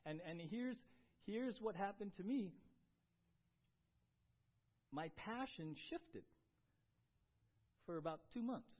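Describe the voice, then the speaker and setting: A male pastor preaches with animated emphasis, his fairly high voice climbing as he drives a point home and stumbling over quick restarts. The recording is muffled and lo-fi, with the crisp top end dulled. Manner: animated, rising to emphatic highs, with repeated restarts. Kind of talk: sermon. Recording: dull lo-fi sound.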